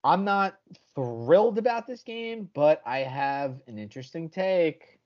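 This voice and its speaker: A man's voice: a little high, expressive, unhurried, highs cut off. A man hosting a sports betting podcast in casual, brash chat, swearing freely as he talks picks.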